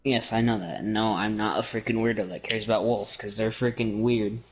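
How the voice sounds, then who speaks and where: A man's voice: on the low side, steady tone, a little fast, slight background noise, low-quality recording. A man from Canada in a casual gaming chat, joking, teasing and rambling.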